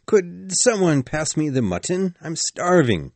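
A man's voice: fairly high pitch, sing-song, measured pace, dry recording, voice pushed up, exaggerated voice. A man reading the lines of a tired, battered male scientist in a storybook, speaking wearily and politely. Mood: dry. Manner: weary, quiet and polite.

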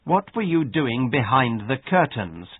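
A man voicing a stout, bullying fourteen-year-old boy in a read-aloud story, taunting and shouting. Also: medium pitch, sing-song, unhurried, slightly rough, no room sound. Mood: sneering. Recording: dry phone-like sound.

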